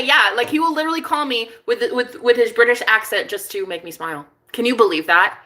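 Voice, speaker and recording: A young woman vlogger telling a story in casual chat, chatty and excitable, swearing freely and breaking into laughs. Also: fairly high pitch, a little fast, hardly any pauses.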